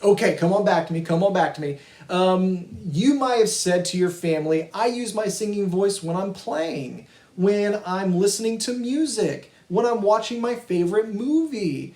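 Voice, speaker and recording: A man's voice: high-pitched, lively intonation, normal speed, few pauses, mellow. A male music teacher giving a virtual kindergarten lesson, patient and encouraging as he talks to young children and their families. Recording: echoey room.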